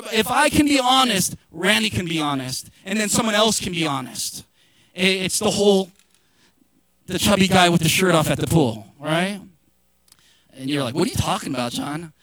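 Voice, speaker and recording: High-voiced male pastor preaching. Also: no room sound. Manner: conversational and joking, rising to shouted emphasis. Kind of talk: sermon.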